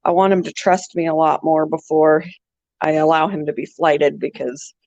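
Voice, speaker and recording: A woman's voice: deep voice, steady tone, moderate pace, a little mellow, no room sound. Chatty woman, dull lo-fi sound. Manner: chatty, laughing often, answering viewer comments. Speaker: pet channel host. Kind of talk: casual livestream chat.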